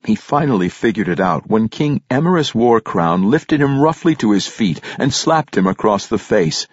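A man narrating a fantasy audiobook in an expressive, dramatic storytelling manner. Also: lowish voice, slightly rough, dry recording, lo-fi sound.

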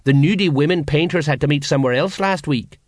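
A man's voice: fairly high pitch, fairly quick, no echo, studio quality, natural voice. A man reading an audiobook, voicing a sheepish, evasive middle-aged watch sergeant who talks colloquially.

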